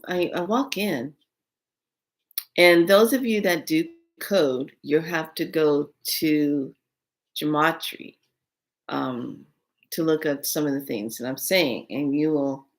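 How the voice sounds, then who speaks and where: A woman vlogger telling a story casually to camera, animated and exclaiming, with frequent fillers. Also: low-pitched. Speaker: spiritual vlogger.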